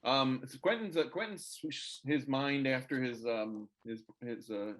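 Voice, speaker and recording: A man at a tabletop game, talking in a rambling, halting way full of ums and uhs. His voice sits at a medium pitch. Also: fairly bright tone. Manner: rambling, hesitant with many fillers. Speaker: player. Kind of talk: playing a tabletop role-playing game.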